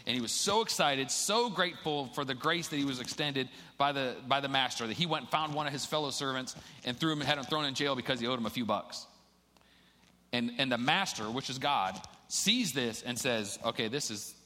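This pastor speaks at a medium pitch, fairly quickly, with a sharp tone and a little hiss or hum on the recording. He reads scripture to the church and explains it in an easygoing, conversational sermon, with a long hall reverb around him.

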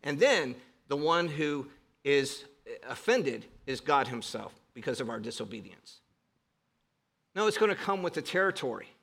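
A man's voice: mid-range voice, very animated, normal speed, creaky, fairly bright tone. A man preaching a sermon as pastor, emphatic and exhorting with rhetorical questions.

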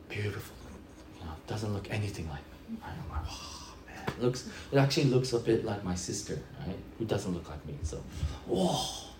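A man's voice: lowish voice, fairly quick, echoey room, background noise. A middle-aged male pastor preaching a sermon, telling stories and acting out the people in them. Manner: storytelling, animated with acted-out quotes.

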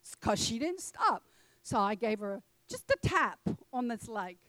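A middle-aged woman, telling a personal story to a congregation in an animated, laughing way. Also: fairly high pitch, measured pace, no room sound, poor audio. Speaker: church speaker.

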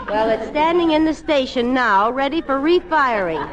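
A bubbly, teasing young wife in a vintage radio comedy, her high voice leaping up and down through every line. The broadcast sounds muffled, with a steady hiss underneath. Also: normal speed. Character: playful young wife and doting daughter. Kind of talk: 1950s radio sitcom acting.

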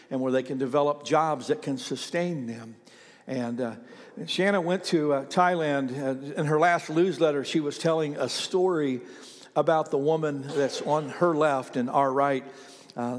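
A man preaching a sermon as pastor, telling a story conversationally with frequent fillers and pauses. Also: medium pitch, big-room sound.

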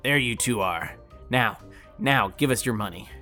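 A man voicing a scrawny, desperate male mugger who talks gruffly and threateningly in a storybook reading. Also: medium pitch, lively intonation, a little slow, sharp tone, faint music behind.

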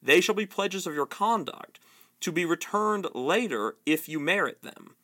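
Stern old wizard, slow and commanding, read by a man. Bright, raised voice. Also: high voice, lively intonation, exaggerated voice.

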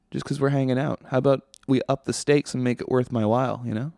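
A man's voice: mid-range voice, steady tone, fairly quick, creaky, warm tone, no echo. Profane ranting man, dry sound. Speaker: podcast host. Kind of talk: casual comedic monologue.

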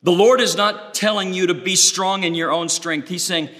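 A man's voice: high-pitched, normal speed, hardly any pauses, a bit bright. A man preaching a sermon with dramatic delivery, acting out the voices he quotes. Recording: long reverb of a large hall.

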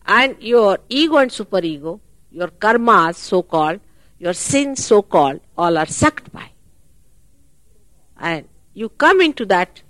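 A woman giving a spiritual talk at a public program, animated and full of rhetorical questions. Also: mid-range voice, no room sound. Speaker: spiritual teacher.

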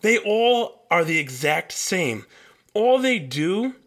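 A man's voice: high-pitched, sing-song, takes it slowly, fairly bright tone. A young man hosting a solo podcast, telling a long story in a heated, profane rant. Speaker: podcast host.

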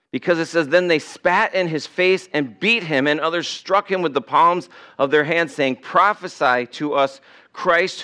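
A man's voice: on the high side, fairly bright tone. A male pastor preaching a sermon in a conversational way, now and then acting out the people in the story. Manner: conversational preaching, acts out quoted voices. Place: church sanctuary.

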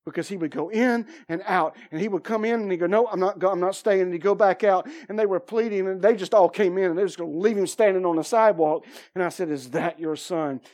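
Speaking at a quick pace in a mid-range, slightly mellow voice, a preacher recounts his own testimony during a sermon. He brings the story to life with repeated phrases and voices the dialogue of everyone involved.

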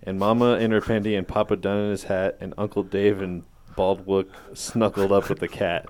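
A man on a podcast reading a holiday parody poem aloud, hesitant at times and quick to put himself down. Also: sits low, flat delivery, darkish tone. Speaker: podcast co-host.

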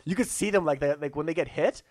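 A man's voice: a little high, fast, a little mellow, no echo, clean studio sound. A man co-hosting a casual podcast, telling a story with lots of fillers, restarts and "like"s. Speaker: podcast co-host. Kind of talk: casual chat.

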